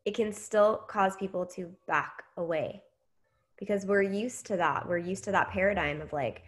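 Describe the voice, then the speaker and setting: A woman in her thirties giving a casual training talk, telling a story with lively quoted dialogue. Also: mid-range voice, moderate pace. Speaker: network marketing trainer.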